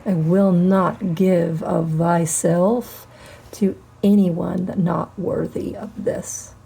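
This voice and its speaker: Middle-aged woman, spiritual host; dark, gravelly voice, slow and defiant, swears freely. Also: fairly low pitch, fairly even intonation. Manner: defiant, profane, drawn-out emphatic phrasing. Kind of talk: spiritual monologue to camera.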